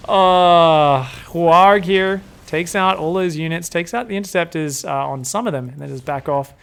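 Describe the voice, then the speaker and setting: Brief: young man, game caster, slightly high voice, excitable and jokey, laughs a lot and slips into playful mock voices. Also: moderate pace, clear, resonant tone. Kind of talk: excitable esports commentary.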